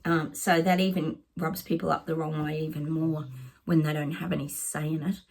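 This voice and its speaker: Woman, psychic vlogger, breathy low voice, chatty, excitable card reading. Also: normal speed. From Australia. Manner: chatty, excitable, addresses viewers as guys. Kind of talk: casual oracle card reading to camera.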